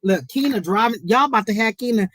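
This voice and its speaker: Speaking fast in a slightly high, expressive voice, a woman hosts a live psychic reading stream. She stresses her points, repeats phrases for effect, exclaims to the Lord, and breaks into chatty asides for her audience.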